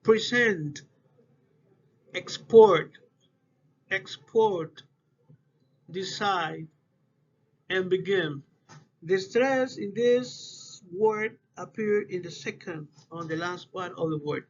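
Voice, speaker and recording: A man giving a class presentation on word stress, in halting English that repeats words as he goes. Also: high voice. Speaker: student presenter. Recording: dull lo-fi recording with faint noise.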